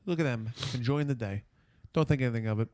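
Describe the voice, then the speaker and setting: A man's voice: medium pitch, quick pace, a little mellow, clean tone, no room sound. A man hosting a podcast, telling a long rambling anecdote with profanity and restarts. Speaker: podcast host. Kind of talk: casual storytelling on a podcast.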